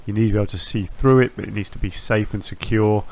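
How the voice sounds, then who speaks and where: A man with a fairly low voice hosts his gaming channel, chatting easily through his build as he plays. He wanders from thought to thought, trips over his own phrases and restarts them, and fills the gaps with ums and uhs. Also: steady tone, fast talker, vocal fry, darkish tone. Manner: rambling, self-correcting, with frequent ums and restarts. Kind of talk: relaxed gameplay commentary.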